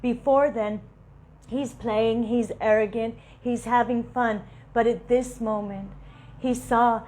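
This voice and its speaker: A woman giving a devotional talk, telling lively stories and laughing between them. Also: a little high, slow. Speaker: devotional speaker.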